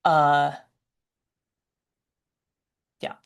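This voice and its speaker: A woman talking to camera about her personal healing, halting and searching for words with many fillers and restarts. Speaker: vlogger. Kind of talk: reflective personal talk to camera.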